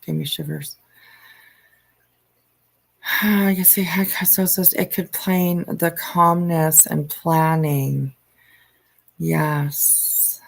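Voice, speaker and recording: A woman hosting a livestream, reading news aloud and commenting in a halting way with frequent ums and uhs. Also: fairly low pitch, little pitch movement, gravelly. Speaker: livestream host.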